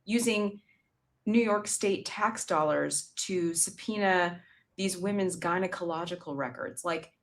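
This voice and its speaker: A middle-aged woman co-hosts a political commentary podcast, speaking at a measured pace in a fairly low voice. She's impassioned and indignant, stammering into her points, restarting, and quoting others sarcastically.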